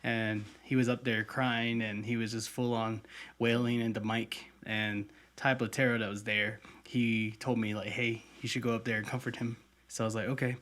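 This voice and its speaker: A man's voice: on the low side, little pitch movement, moderate pace, a bit bright. A young man co-hosting a podcast, telling a personal story in an earnest, heartfelt way with many fillers. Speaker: podcast co-host. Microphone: podcast mic.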